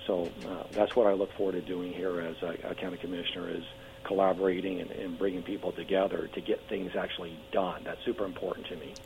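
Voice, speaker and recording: Hoarse, gravelly, low-pitched male candidate calling in; tinny phone line. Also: little pitch movement, fast, slight background noise. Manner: eager, restarts, many uh fillers. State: hoarse, losing his voice. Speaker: political candidate guest. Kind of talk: radio interview by phone.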